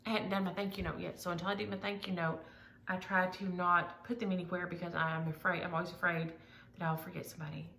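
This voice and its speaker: Chatty woman vlogger, scattered and gushing; gravelly, roomy sound. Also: fairly low pitch, bright, forceful tone, slight background noise. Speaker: flosstube vlogger. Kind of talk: casual chat showing mail.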